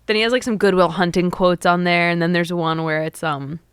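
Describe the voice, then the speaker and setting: Podcast guest, woman, lowish voice, chatty filler-heavy talk, dry sound. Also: fairly even intonation, a little fast, clear, resonant tone, no room sound. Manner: chatty, lots of likes and ums. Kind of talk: casual chat.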